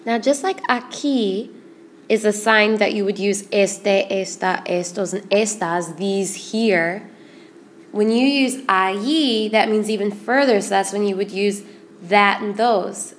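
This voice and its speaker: A woman teaching a Spanish grammar lesson in English, explaining patiently and repeating word lists slowly. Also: mid-range voice, slight background noise.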